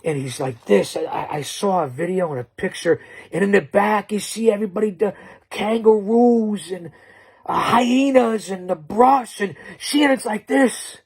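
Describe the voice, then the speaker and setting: A man's voice: high voice, measured pace, husky. A middle-aged man hosting a wrestling-style trash-talk promo, bombastic and rambling, stumbling over restarts as he hypes upcoming matchups. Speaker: show host promoting matchups.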